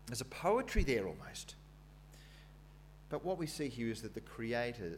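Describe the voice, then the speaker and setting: A man's voice: mid-range voice, very animated, measured pace, long pauses, slight background noise. An Australian man preaching a sermon. He tells the story in a conversational way and reads scripture aloud with dramatic emphasis.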